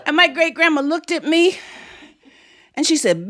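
There's background noise as a woman from Ohio, USA, tells a family story in front of a live studio audience. Her high-pitched voice is animated and moves at a moderate pace, and she breaks into song to lead a call-and-response.

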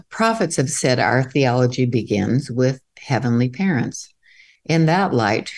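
A woman co-hosting a podcast who reads a poem aloud in a measured, thoughtful way. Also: very deep voice, a little mellow. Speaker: podcast co-host.

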